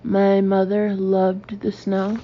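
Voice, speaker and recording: A woman narrating a comic memoir audiobook in a dry, deadpan way. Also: medium pitch, slow, muffled recording, a little hiss or hum.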